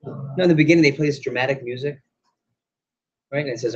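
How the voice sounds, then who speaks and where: A man's voice: mid-range voice, fast talker, long pauses, lo-fi sound. A man running an interactive sales training session, quizzing the room and acting out examples. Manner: quizzes audience, acts out examples.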